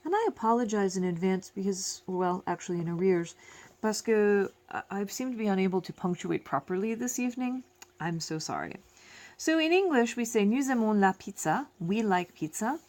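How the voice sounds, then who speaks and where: A woman teaching a French lesson, explaining slowly and repeating each phrase in both languages, with self-deprecating asides. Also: medium pitch, animated, darkish tone. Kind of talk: classroom lesson.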